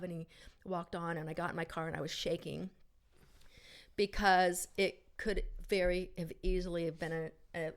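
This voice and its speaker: Lower-voiced woman telling a rambling story. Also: fairly even intonation, fairly quick. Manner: rambling storytelling with many fillers and restarts. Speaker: podcast co-host. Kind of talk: casual chat.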